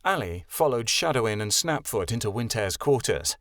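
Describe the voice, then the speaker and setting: A man reading a fantasy audiobook as the narrator, in an expressive storytelling manner. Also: fairly low pitch, normal speed, no room sound, clean studio sound. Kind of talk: scripted narration.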